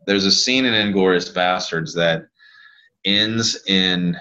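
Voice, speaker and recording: A man, a physical therapist guest on a podcast, chatting casually and telling rambling, animated stories. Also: low voice, slow pace, muffled recording.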